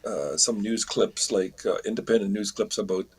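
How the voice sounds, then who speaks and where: A man's voice: fairly low pitch, normal speed, slightly rough. Hesitant male co-host. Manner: hesitant, many fillers, trails off. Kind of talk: casual chat.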